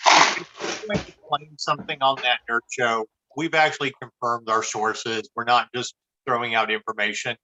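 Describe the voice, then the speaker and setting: A man's voice: mid-range voice, pushed and bright, dull audio. A man co-hosting a pop-culture podcast in casual chat, ranting bluntly and with emphasis. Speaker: podcast co-host.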